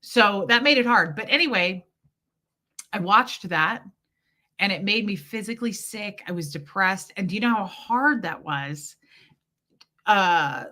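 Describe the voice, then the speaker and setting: A woman's voice: medium pitch, animated, measured pace, pauses often, bright, forceful tone. A woman hosting a casual livestream chat, talking candidly and telling a personal story with quoted voices. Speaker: livestream host. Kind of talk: casual chat with live viewers.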